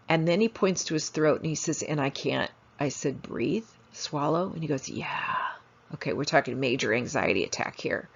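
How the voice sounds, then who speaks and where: Low gravelly woman telling a lesson story. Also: moderate pace. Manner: animated, acts out quoted voices in her stories. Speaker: family therapist and instructor. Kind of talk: storytelling lecture. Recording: dull lo-fi recording.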